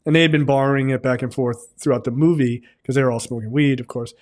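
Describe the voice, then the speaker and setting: A man co-hosting a film podcast, retelling the plot in a casual, filler-heavy way and jumping into high voices when he quotes the characters. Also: steady tone, quick pace. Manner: profane, filler-heavy storytelling.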